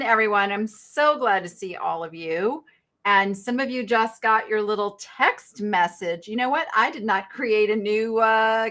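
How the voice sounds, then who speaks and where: Bubbly, bright-voiced woman hosting a live sale. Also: mid-range voice. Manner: chatty, bubbly, laughs often. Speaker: live-sale shopping host. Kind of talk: casual live-stream sales chat. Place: home studio with sale items behind her.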